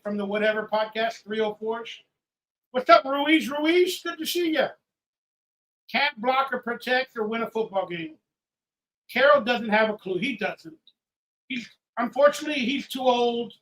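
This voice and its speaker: A tipsy man hosting a live watch-party stream, ranting and swearing, swinging from loud outbursts to low mutters. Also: a little hiss or hum, low-quality recording. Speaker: livestream host. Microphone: headphones with mic.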